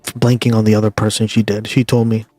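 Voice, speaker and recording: A livestream host from the Boston area, with a Boston accent, speaks fast in a lowish, dark, flat voice while rambling profanely and addressing viewers directly. The recording is dry and studio quality, with faint background music.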